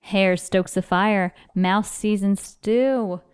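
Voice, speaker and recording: A woman reading a children's picture book aloud in a rhythmic, expressive way. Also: medium pitch, takes it slowly, clean tone. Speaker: storybook reader.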